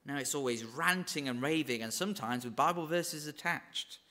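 A man with a Northern English accent preaches a sermon in an earnest, conversational tone. His voice is very bright and sits a little high for a man. He slips in wry asides as he goes. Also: moderate pace.

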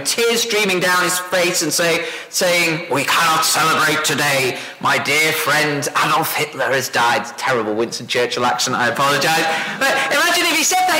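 Earnest preacher, bright and high. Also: male voice. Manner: earnest, rising to emphatic insistence. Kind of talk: expository sermon. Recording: echoey room.

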